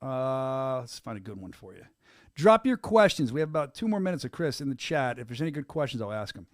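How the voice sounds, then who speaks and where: A man's voice: medium pitch, very animated, brisk, dry recording, clean studio sound. A middle-aged man hosting a casual podcast, joking and laughing often. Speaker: podcast host.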